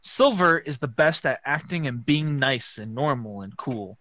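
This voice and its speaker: Man, comedic story reading, bright voice, lively pitch, dry close mic. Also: unhurried, dry recording. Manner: reads aloud, cracks up laughing, jumps into loud character voices. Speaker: reader of a fan story.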